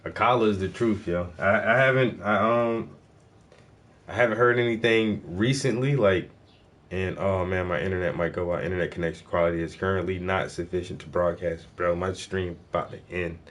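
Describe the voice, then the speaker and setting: A man's voice: low voice, a little fast, a bit bright. A man chatting casually on a livestream, laid-back and full of slang while he paints. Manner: laid-back slangy talk, lots of "bro" and "yo".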